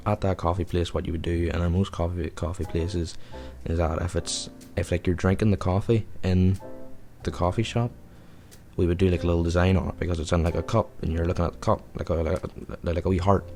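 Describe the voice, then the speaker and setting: A man's voice: low voice, little pitch movement, a little fast, dark tone, soft background music. A young man hosting a podcast, telling a rambling, profane anecdote in a casual way. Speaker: podcast host. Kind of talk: casual storytelling.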